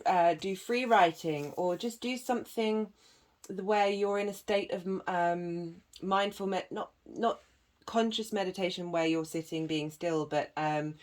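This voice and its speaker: A woman giving a tarot and astrology reading to viewers, gentle and meandering, with frequent pauses and filler words. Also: fairly low pitch. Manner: gentle and meandering, with many ums and soft laughs. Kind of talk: slow, reflective spiritual reading to viewers.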